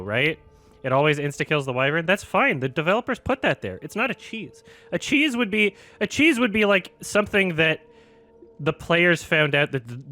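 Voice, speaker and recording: A man's voice: medium pitch, bright, forceful tone. A man streaming a video game, ranting in an exasperated, sweary way and laughing as he talks. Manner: exasperated, sweary, laughing through his rant. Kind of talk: ranting live-stream commentary while gaming.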